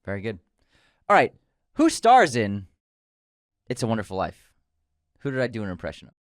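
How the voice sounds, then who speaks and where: A man co-hosting a podcast in easygoing casual chat, quick to exclaim when surprised. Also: fairly low pitch, huge pitch swings, no room sound, studio quality. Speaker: podcast co-host.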